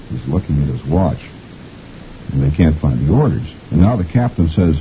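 A man's voice: very deep voice, big pitch swings, fairly quick, highs cut off, slight background noise. A middle-aged man hosting a chatty reading of the comics, folksy and rambling, chuckling often. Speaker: host reading the comics aloud.

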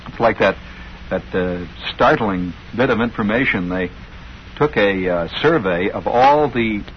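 A man's voice: on the low side, measured pace. A middle-aged man hosting a radio show, telling a rambling story with wry, sardonic asides. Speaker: radio host. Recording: dull lo-fi old radio broadcast, faint hiss.

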